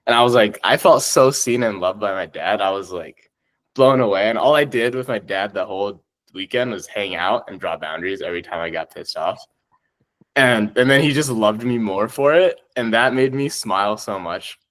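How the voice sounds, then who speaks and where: A man chatting as a podcast guest, excitable and heavy on swearing, often laughing as he talks. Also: fairly low pitch, moderate pace, low-quality recording. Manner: excitable, swears a lot, laughs while talking. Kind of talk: casual chat.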